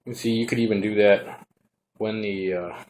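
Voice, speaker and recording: A man giving a relaxed, rambling hands-on product review at home, talking to the camera as he shows the device. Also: fairly low pitch, moderate pace, a little hiss or hum.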